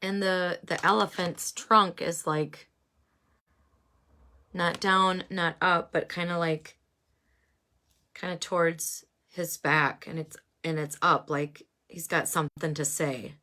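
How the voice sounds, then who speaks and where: A woman giving a casual oracle card reading, musing and halting with many fillers. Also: fairly low pitch, steady tone, pushed and bright.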